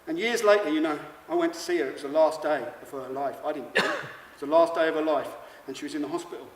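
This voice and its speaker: A man's voice: on the high side, fast talker. Man, distant in an echoey hall. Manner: rambling, repetitive, swinging from manic to hushed. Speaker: stage performer. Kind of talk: theatrical spoken monologue. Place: stage in a large hall. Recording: echoey hall recording from far off.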